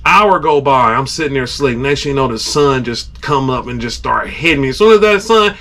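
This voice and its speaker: A man hosting a podcast, casually telling a story and acting out his own groans, shouts and sound effects. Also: medium pitch, expressive, fairly quick, hardly any pauses. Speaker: podcast host.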